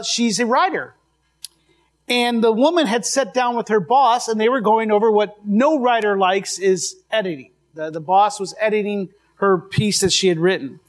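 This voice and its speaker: Male pastor, high-pitched, chatty sermon delivery with restarts, live church mic. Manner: conversational storytelling with restarts.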